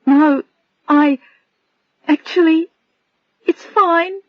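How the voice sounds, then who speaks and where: A woman's voice: high-pitched, moderate pace, no room sound, dull audio, soft background music, voice pushed up. A woman narrator voicing a tearful, overwhelmed young woman whose voice trembles and breaks. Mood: sobbing.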